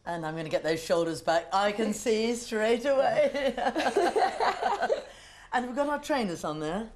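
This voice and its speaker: A woman coaching posture and grooming on a reality TV show, brisk, bossy and gushing. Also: mid-range voice, animated, a little mellow.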